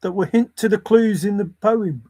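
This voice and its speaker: A man's voice: high voice, normal speed, mellow, slightly rough. A man vlogging about a treasure hunt, rambling and giggling as he comments, repeating words and muttering to himself. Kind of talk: rambling commentary over video.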